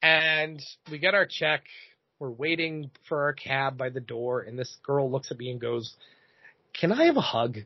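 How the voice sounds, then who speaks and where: A man in his thirties, a podcast host, telling a comedic story in an animated, profane way. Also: mid-range voice, unhurried, no room sound, lo-fi sound. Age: 30s.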